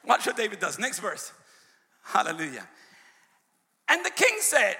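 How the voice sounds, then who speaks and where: A male preacher delivering a sermon, swinging from shouts to hushed asides and calling out to his congregation. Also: sits high, wildly swooping pitch, measured pace, pauses often, in a large hall. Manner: call-and-response preaching, shouting and dropping to a hush. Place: church sanctuary.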